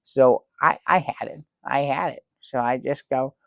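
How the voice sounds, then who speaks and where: A man playing an excitable talk show guest in an improvised comedy sketch, rambling and halting, breaking into theatrical exclamations. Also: mid-range voice, creaky, no echo, muffled recording. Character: fussy excitable man telling a travel story. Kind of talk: improvised comic storytelling.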